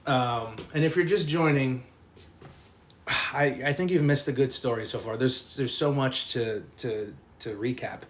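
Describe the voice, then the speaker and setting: Animated, profane young man telling a story. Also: medium pitch, unhurried. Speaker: streamer. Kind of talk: casual storytelling to a live chat.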